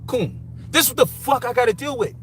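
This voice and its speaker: With a very high, slightly bright voice and a quick pace, this male commentator vents in a frustrated personal rant. He is emphatic and swears, and faint background noise can be heard.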